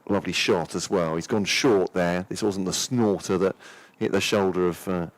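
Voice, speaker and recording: With a deep, steady voice at a moderate pace and no room sound, a man co-commentates on a cricket match. His live commentary is careful and methodical as he calls each delivery and checks the fielding positions aloud.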